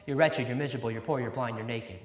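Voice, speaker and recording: A man's voice: mid-range voice, fast talker. A man preaching a sermon with emphasis, repeating key words and quoting scripture in old-fashioned wording. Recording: roomy echo.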